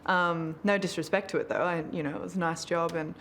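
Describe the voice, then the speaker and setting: A woman's voice: lowish voice, fairly even intonation, fairly quick, fairly bright tone, slight background noise. A young Australian woman in her twenties, chatting casually in an interview, giggly and self-mocking. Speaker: interviewee, model.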